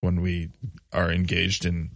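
A man's voice: low-pitched, monotone, measured pace, vocal fry, a bit bright, dry recording, studio quality. A man in his thirties co-hosting a casual podcast, rambling with many fillers and restarts. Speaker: podcast co-host. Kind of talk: casual chat.

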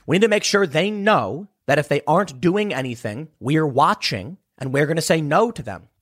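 A man's voice: on the high side, animated, moderate pace, a bit bright. A man delivering a sarcastic political commentary monologue, emphatic and mocking his opponents.

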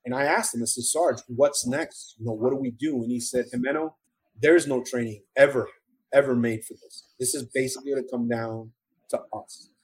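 A man's voice: medium pitch, fairly even intonation, normal speed, a little mellow, breathy edge, rough recording. A middle-aged man with a New York accent, earnestly telling his own survival story in an interview, with emotional restarts. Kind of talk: first-person testimony in an interview.

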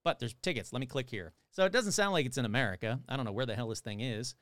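A man's voice: medium pitch, animated, quick pace, a bit bright, dry recording, clean studio sound. A male podcast host reading odd news aloud with sarcastic, irreverent asides. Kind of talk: casual podcast commentary.

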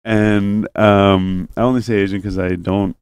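A man's voice: lowish voice, level tone, a little slow, a little mellow, smooth. A man telling a long, rambling story in casual chat, cursing freely and acting out both sides of a phone call.

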